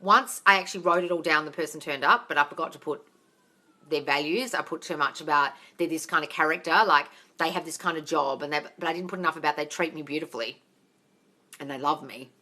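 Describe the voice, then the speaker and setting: A woman's voice: low voice, a little fast, pushed and bright. A woman answering viewer questions on a phone livestream about manifesting. She is blunt, swears often and calls her viewers darling.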